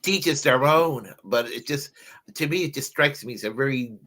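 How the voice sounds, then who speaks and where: Bright, hesitant male co-host. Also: medium pitch, moderate pace. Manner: hesitant, with many restarts. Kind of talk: casual political chat.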